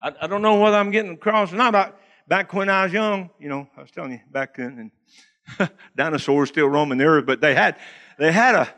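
A man's voice: on the high side, fairly quick, fairly bright tone. A man preaching a sermon in a church, folksy and joking, laughing often at his own stories. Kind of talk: humorous sermon.

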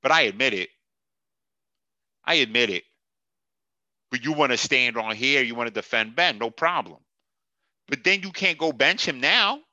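A man's voice: mid-range voice, expressive, moderate pace, pauses often, bright, forceful tone, no echo, highs cut off. Guy ranting on his sports pod, swears a lot, super sarcastic, very dry close sound. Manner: profane, sarcastic, mocking, laughs at himself. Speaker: podcast host. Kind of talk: heated sports podcast rant.

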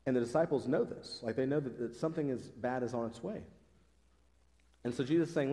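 A man preaches in an earnest, conversational way, now and then lifting his voice to drive a point home. His tone is mellow and relaxed rather than bright. The sound carries a long reverb from the church sanctuary around him. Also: medium pitch, brisk. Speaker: pastor. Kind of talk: sermon.

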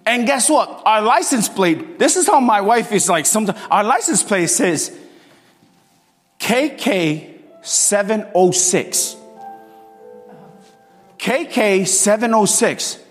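High-voiced man preaching a sermon. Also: normal speed, in a large hall, faint music behind. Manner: animated storytelling, preaching with bursts of shouting.

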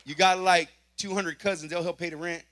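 A man giving a spoken testimony to a congregation, telling an animated story and acting out the dialogue himself. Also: high voice, a little fast, a little hiss or hum. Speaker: church member giving testimony.

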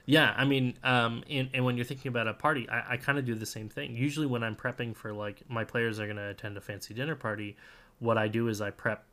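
Podcast co-host, male, bright voice, easygoing talk with frequent laughs. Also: mid-range voice, quick pace. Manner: laughs often, relaxed and rambling. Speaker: podcast co-host, game master. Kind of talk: casual chat.

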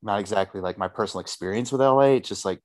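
Low-voiced man, casual podcast chat. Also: racing, darkish tone, no echo. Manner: loose and chatty, swears freely. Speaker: podcast co-host.

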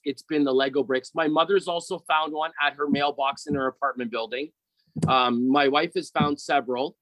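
Animated man telling a story. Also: on the high side, no room sound, low-quality recording. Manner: animated, repeats words when starting sentences. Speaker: guest telling a personal story. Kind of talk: casual conversational storytelling.

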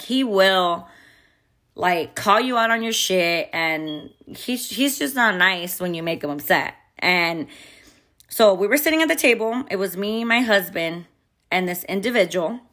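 A young woman and mother telling a personal story in a candid, expressive way, swearing freely. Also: mid-range voice. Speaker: vlogger and mother. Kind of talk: casual storytime.

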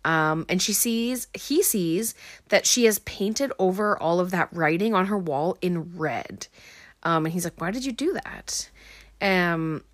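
A woman's voice: on the low side, unhurried, no room sound, studio quality. A young adult woman casually recapping a film's plot, chatty and filled with "um" and "like". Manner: chatty, full of "um" and "like". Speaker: film recap host.

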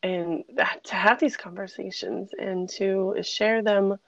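Halting, giggly woman on dull dry audio. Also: mid-range voice, steady tone, fairly bright tone, no echo. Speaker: podcast co-host. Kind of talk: casual podcast conversation.

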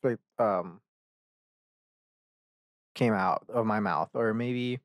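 Drawing out his words in a fairly low voice, a man hosts a solo podcast full of profanity, tangents, and self-mocking asides. The studio audio is clean with no echo.

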